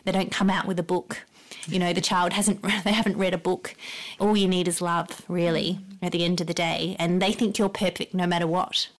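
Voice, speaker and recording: A woman talks as a podcast guest in an earnest, reassuring way. Her voice sits a little low, and she speaks from the heart. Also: level tone, moderate pace. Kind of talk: earnest conversational interview.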